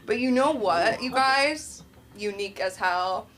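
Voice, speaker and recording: A woman's voice: medium pitch, lively intonation, a little slow, fairly bright tone. A woman hosting a comedy open mic on a club stage, chatty and laughing as she acts out both sides of her stories.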